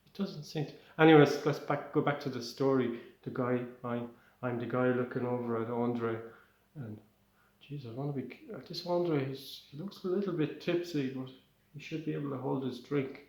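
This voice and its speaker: A man from Ireland telling comic stories in a rambling, excitable way that keeps breaking off and restarting. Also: medium pitch, normal speed, reverberant. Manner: rambling, self-interrupting, excitable. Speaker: stand-up comedian. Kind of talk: comic storytelling.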